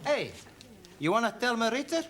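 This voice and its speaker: A man's voice: very high voice, very animated, normal speed, fairly bright tone, heavily acted. An actor playing a jovial Italian male student with an Italian accent, in a 1970s sitcom with audience laughter. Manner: jovial, mixes in Italian words.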